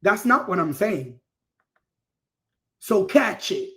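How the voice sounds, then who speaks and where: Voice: medium pitch, big pitch swings, slow, vocal fry, fairly bright tone. A host reacting to an interview clip, emphatic and slangy, repeating phrases for punch. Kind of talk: reaction commentary.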